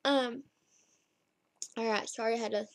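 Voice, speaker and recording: A young woman in her twenties tells a long story in a loose, rambling way to her laptop camera while lying down at home. Her voice sits a bit high for a woman. The sound is close and dry, with no room echo. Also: fairly even intonation, unhurried. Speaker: vlogger. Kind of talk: casual chat to camera. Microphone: laptop webcam.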